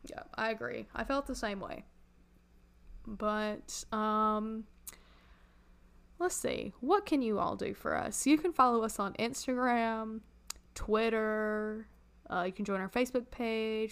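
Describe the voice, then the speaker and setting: A woman co-hosting a podcast in casual chat, chatty and quick to laugh. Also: a little high, fairly bright tone, clear, resonant tone. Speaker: podcast co-host.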